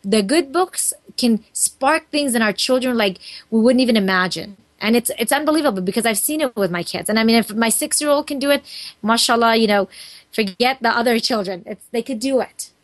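A woman in her thirties, a guest on a talk show, speaking earnestly and telling stories in an animated way. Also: fairly high pitch, brisk. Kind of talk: casual interview talk.

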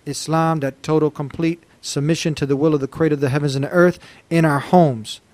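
A man hosts the show with an emphatic, preacherly delivery. His voice sits a little high for a man, and he presses his points firmly. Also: fairly even intonation, fairly quick, darkish tone, dry recording. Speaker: host. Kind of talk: interview hosting.

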